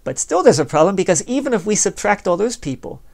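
A podcast host with a high-sitting, very animated voice talks fast, with vocal fry and a slightly mellow tone. He delivers a rambling, sardonic philosophical monologue straight to the listener, conversational throughout, playing both sides of an imagined dialogue.

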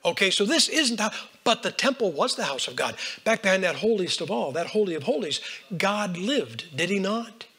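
An older man preaching a folksy storytelling sermon, swinging between hushed lines and loud bursts. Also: high voice, big pitch swings, moderate pace, husky. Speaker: Baptist preacher.

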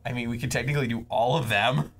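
A man's voice: mid-range voice, fairly even intonation, fast, creaky, a bit bright. A young man teasing and joking wryly during a game playthrough. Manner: wry, teasing. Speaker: let's play commentator. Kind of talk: casual gaming chat.

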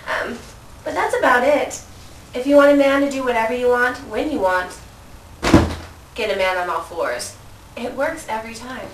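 Woman, comedic sales pitch, playful; roomy distant recording with faint hiss. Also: moderate pace, pauses often. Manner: playful, mock-sales patter, laughing. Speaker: comedic infomercial presenter.

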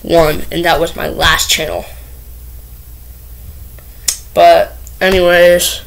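A woman's voice: fairly low pitch, little pitch movement, slow, vocal fry, slight background noise, poor audio. A woman vlogging to camera, nervous and rambling, with lots of filler words and restarts. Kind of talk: casual first vlog to camera.

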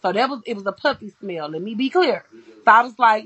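A woman's voice: on the high side, lively intonation, fairly quick, sharp tone, husky. A woman talking bluntly and with a lot of swearing in a casual livestream chat, acting out the arguments she describes. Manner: blunt, profane, acts out quoted arguments.

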